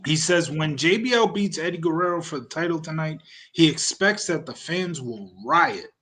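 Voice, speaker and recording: A man's voice: on the high side, lively intonation, moderate pace, bright, forceful tone. A man hosting a podcast, casually recapping events with a dry, wry manner. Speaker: podcast host reviewing wrestling. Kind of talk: casual chat.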